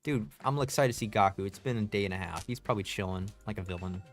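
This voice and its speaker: A man's voice: lowish voice, fast, soft background music. A man streaming a game, chatting in a laid-back, slangy way as he plays. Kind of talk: casual gameplay commentary.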